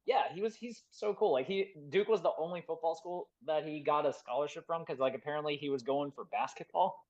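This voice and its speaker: A man's voice: fairly high pitch, a little fast, muffled recording. A man co-hosting a casual sports podcast, rambling and leaning on "like" as he thinks aloud. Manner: rambling, fills with "like". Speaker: podcast co-host.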